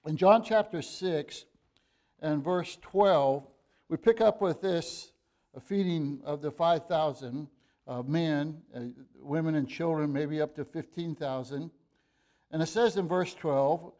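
A man's voice: a little high, unhurried, darkish tone. A man preaching an evening sermon, reading scripture aloud and then explaining it earnestly, with frequent fillers and restarts and sudden emphatic bursts.

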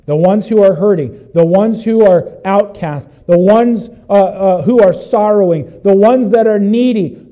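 Emphatic high-voiced male preacher. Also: unhurried, hardly any pauses, poor audio. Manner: emphatic, swinging between loud cries and low intensity; repeats phrases, asks the congregation questions. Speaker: pastor. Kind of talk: sermon.

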